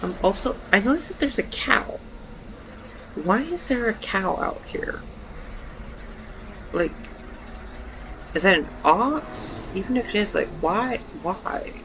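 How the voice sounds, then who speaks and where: A man's voice: sits high, lively intonation, takes it slowly, long pauses, background noise. A sleep-deprived man commenting on a game he plays and reading its text aloud, rambling and correcting himself as he goes. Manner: rambling, self-correcting asides. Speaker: let's play gamer.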